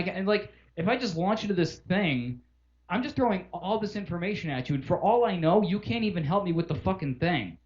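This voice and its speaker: A man's voice: high voice, animated, quick pace. Profane ranting man, lo-fi sound. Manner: profane, exasperated ranting with acted-out phone calls. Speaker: podcast co-host. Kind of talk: casual ranting chat. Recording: dull lo-fi podcast audio.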